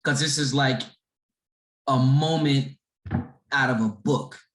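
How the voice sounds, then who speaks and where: Middle-aged male podcast guest from Chicago, animated storyteller, mid-range pitch, recorded in a reverberant room. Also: slow pace. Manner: animated, acts out the people in his story. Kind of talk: casual storytelling. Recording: roomy echo.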